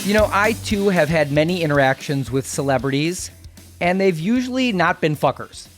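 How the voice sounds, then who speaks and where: A man's voice: a little high, normal speed, soft background music. Wry podcast host in his fifties. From Milwaukee. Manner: wry, deadpan jokey delivery. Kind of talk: scripted podcast narration and outro.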